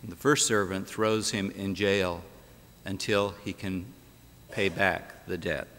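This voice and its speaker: A pastor with a low, fairly bright voice preaches slowly and with fairly even intonation, with a little hiss or hum on the recording. In an echoey church sanctuary, he tells the story dramatically and poses rhetorical questions.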